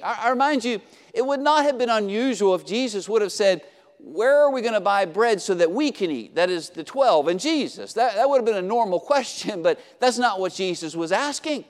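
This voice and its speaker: Male preacher, high voice, emphatic sermon delivery, long hall reverb. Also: expressive, a little fast. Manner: emphatic preaching that rises and falls in volume. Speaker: pastor.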